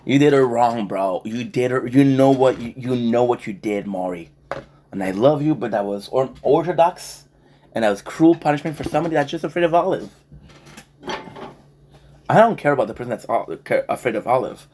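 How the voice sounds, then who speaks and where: Sex: man. Role: food vlogger. Style: casual eating vlog. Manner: rambling, joking, stumbling over words. Pitch: middle. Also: lively intonation, moderate pace, darkish tone, slight background noise.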